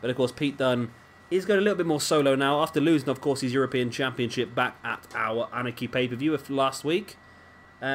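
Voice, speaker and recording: A man's voice: a little high, a bit bright, a little hiss or hum. A man giving casual, rambling commentary over a wrestling video game and often correcting himself. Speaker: gaming commentator.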